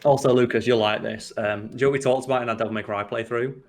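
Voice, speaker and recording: A man's voice: mid-range voice, steady tone, quick pace, faint music behind. Exasperated, swearing man ranting over a game. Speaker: let's play co-host. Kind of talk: casual gameplay commentary.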